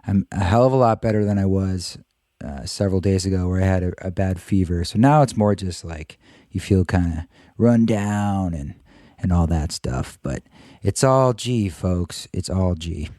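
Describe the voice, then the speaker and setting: A man hosting a podcast, hoarse and husky from a cold, chatting loosely and joking about himself. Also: low-pitched, moderate pace, warm tone, no echo, studio quality. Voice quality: husky, croaky. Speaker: podcast host. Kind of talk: casual podcast intro.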